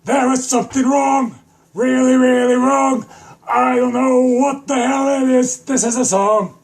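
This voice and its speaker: A young man goofing around alone on a live stream, rambling slowly and breaking into sudden shouts. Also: extremely high pitch, fairly even intonation, creaky. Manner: silly, rambling, slow and drawn out with sudden shouts. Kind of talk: goofy solo live stream.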